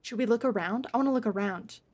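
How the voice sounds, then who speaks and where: A woman streamer giving live gameplay commentary, excitable, swearing and laughing as she talks to her chat. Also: on the high side, fast, breathy edge.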